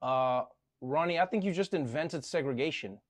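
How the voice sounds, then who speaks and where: A man's voice: fairly high pitch, normal speed. A man hosting a comedic late-night segment, wry and playfully flustered, stammering in the banter. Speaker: host.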